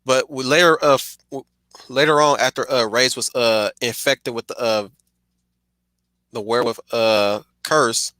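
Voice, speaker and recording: A man's voice: medium pitch, steady tone, a little slow, sharp tone, no room sound. A man streaming a casual, rambling film commentary, stuttering and restarting his sentences often.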